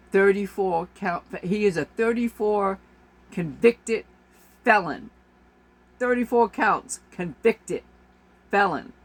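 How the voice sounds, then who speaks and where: In a fairly low voice, a woman vlogger unloads an emphatic, exasperated rant straight to camera, repeating herself for force. A little hiss or hum can be heard in the recording.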